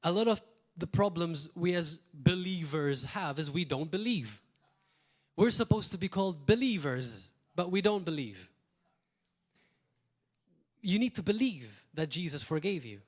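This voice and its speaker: A man preaches a sermon. His voice sits a little high for a man, and he speaks in a plain, conversational way. He repeats key phrases and breaks off for short asides. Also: lively intonation, unhurried. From Malta. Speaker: pastor.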